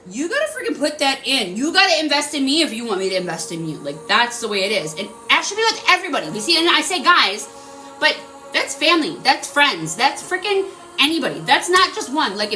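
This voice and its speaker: A young woman talking casually to her viewers, animated and full of filler words, swearing freely. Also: sits high. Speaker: energy healing vlogger.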